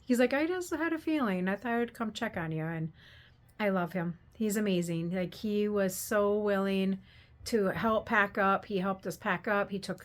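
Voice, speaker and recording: An older woman telling a candid, rambling story in a casual vlog, laughing at her own mishaps. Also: medium pitch. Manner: rambling, candid, self-deprecating, laughs while telling stories. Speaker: craft vendor vlogger.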